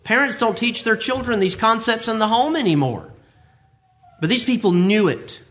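A man's voice: sits high, lively intonation, moderate pace, fairly bright tone. A man preaching a sermon, emphatic and repeating phrases for effect.

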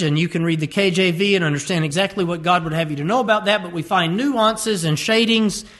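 A man preaching a sermon, stressing key words by slowing down and speeding up between phrases. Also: high voice, a bit bright. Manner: emphatic, varies pace to stress words.

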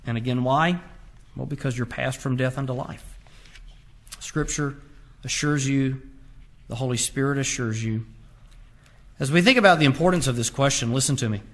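A man's voice: medium pitch, normal speed, pauses often, a bit bright. A man preaching a sermon, quoting scripture with emphatic rises and drops in his voice. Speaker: pastor.

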